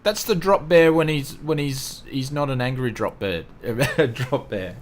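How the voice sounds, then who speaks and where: A man's voice: medium pitch, expressive, a little slow, slight background noise. A man hosting a casual livestream, chatting and greeting viewers one by one. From Australia. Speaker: livestream host.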